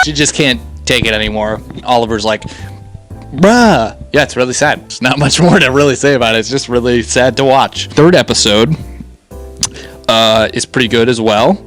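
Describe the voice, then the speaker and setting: A young man talks through an anime series in a loose, slangy review, excitable and quick to laugh. His voice sits at an ordinary middle pitch. Faint music plays behind him. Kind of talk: casual spoken review.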